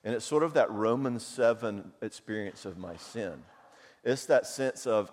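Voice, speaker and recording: A man's voice: fairly low pitch, moderate pace, a little mellow. A man, a marriage counselor, giving a conversational seminar talk full of personal stories and self-mocking humor. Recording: long hall reverb.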